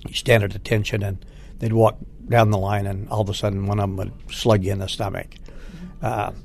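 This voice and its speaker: Older man with a gravelly low voice. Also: flat delivery, a little mellow, a little hiss or hum. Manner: halting, many restarts, emotional at times. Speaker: Marine Corps veteran interviewee. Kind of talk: oral history interview.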